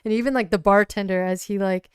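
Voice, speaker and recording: A woman narrating her solo tabletop role-playing game on a livestream, halting with many restarts. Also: medium pitch, steady tone, smooth, no room sound, clean studio sound.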